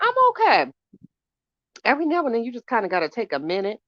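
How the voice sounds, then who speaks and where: A woman hosting a casual live stream, hoarse from a chest cold, chatting with viewers and greeting them by name. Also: on the high side, big pitch swings, quick pace, no room sound, muffled recording. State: hoarse from bronchitis. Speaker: podcast host doing a live stream. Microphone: phone.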